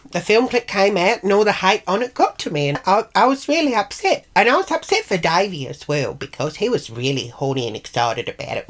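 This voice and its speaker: Middle-aged Australian woman with a low voice, chatty and blunt, telling stories to camera. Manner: chatty, blunt and sweary, acts out quoted arguments. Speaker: vlogger. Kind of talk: casual monologue vlog.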